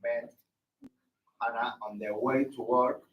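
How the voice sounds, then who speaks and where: A male student reading practice sentences aloud in an English class, haltingly. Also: medium pitch, fairly even intonation, muffled recording.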